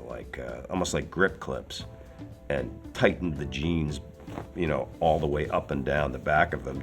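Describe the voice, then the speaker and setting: A man in his sixties from Philadelphia, an actor telling casual, rambling anecdotes with many fillers and laughs. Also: a bass voice. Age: 60s. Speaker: actor guest.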